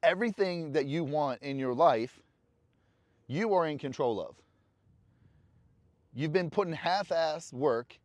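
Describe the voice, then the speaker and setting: A man's voice: fairly high pitch, dry recording. A man in a casual motivational vlog, talking to camera bluntly and with profanity, candid and rambling while smoking a cigar. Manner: blunt, profane self-talk. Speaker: vlogger.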